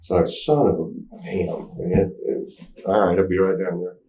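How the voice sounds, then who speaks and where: Middle-aged man, interview guest, loose stop-start storyteller; deep, dark tone, recorded at a distance in an echoey room. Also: flat delivery, normal speed. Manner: rambling, stop-start storytelling, acts out quotes loudly.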